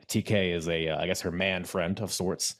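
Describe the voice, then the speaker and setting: Low-voiced rambling male podcast host. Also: little pitch movement, moderate pace, fairly bright tone. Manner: rambling, self-correcting, gestures while talking. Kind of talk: casual chat recapping wrestling.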